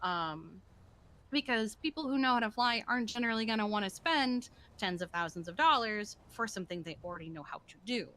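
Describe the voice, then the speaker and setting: Woman, bright and forceful tone, animated in-character roleplay chat, exasperated rant. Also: medium pitch, brisk. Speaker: streamer in a roleplay game.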